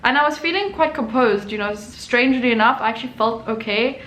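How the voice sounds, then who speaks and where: A woman hosting her own channel, telling a story in a casual, animated way and acting out quotes. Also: on the high side, brisk, reverberant, a little hiss or hum, rough recording. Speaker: artist and channel host.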